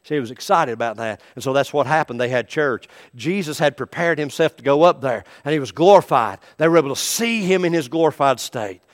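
A middle-aged man preaching a sermon as pastor, animated, acting out the people in his stories. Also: a little high, brisk, hardly any pauses. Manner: animated preaching, acts out quoted voices.

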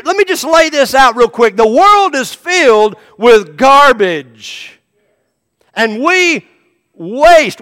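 Bright-voiced preacher. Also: male voice, sits high, clean tone, in a large hall. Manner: folksy, storytelling, emphatic. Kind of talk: sermon.

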